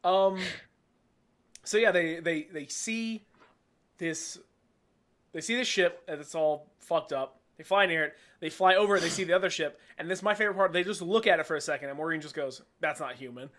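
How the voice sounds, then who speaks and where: A man's voice: sits high, brisk, fairly bright tone. A man co-hosting a casual movie review, joking, swearing and laughing at his own remarks. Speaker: podcast co-host.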